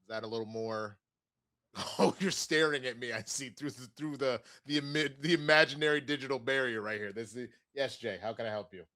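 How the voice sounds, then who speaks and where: Animated, laughing male podcast co-host. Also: mid-range voice, a little fast, hardly any pauses. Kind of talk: casual comedic chat.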